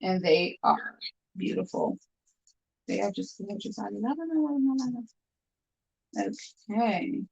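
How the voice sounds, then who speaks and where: This jewelry seller has a medium-pitched, gravelly, slightly rough voice with a little mellowness, and she speaks in an animated way at a measured pace, pausing often. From a room at home, she chats upbeat and casually with her live-stream viewers while selling handmade bracelets. The lo-fi stream sound is dull.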